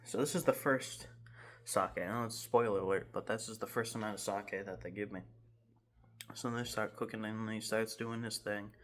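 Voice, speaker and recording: Guy w a lowish voice rambling thru a story in his garage, laughing and restarting. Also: fairly even intonation, normal speed, fairly bright tone. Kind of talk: casual story time. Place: home garage.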